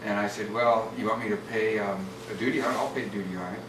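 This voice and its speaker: Older man with a lowish voice, dry telling. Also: fairly even intonation, quick pace, distant mic. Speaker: party guest telling a story. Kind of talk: casual anecdote at a family party. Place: home birthday party, indoors. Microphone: camcorder across the room. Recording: noisy roomy home video from afar.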